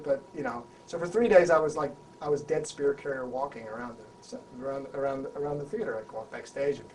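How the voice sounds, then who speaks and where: A man, an actor being interviewed, tells an anecdote in an animated way, restarting and repeating words as he goes. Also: medium pitch, fast. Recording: voice a bit far from the mic, faint background hum.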